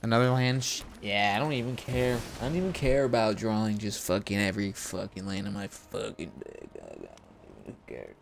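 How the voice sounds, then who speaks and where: A man streaming a card game, giving live gameplay commentary while talking to his chat in a self-mocking, animated way. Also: on the low side, fairly quick, vocal fry, hardly any pauses, slight background noise.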